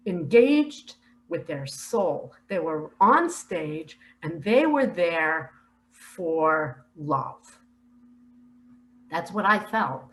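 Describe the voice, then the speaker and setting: An older woman earnestly recounting a spiritual vision in a slow, heartfelt, emotional way. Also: sits low, fairly bright tone, low-quality recording. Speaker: spiritual speaker sharing visions.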